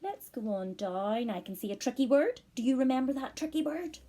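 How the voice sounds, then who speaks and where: A woman teacher reading a picture book aloud to children, expressive and encouraging, asking them to read along and spot rhymes. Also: high-pitched, a little fast, few pauses. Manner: expressive, encouraging, asks the listener to join in. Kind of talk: read-aloud storytime lesson.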